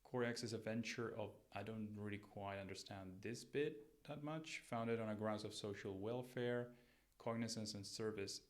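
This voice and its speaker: A man's voice: lowish voice, moderate pace. A man hosting a show where he reviews listeners' podcasts, giving friendly and direct coaching advice in a casual way.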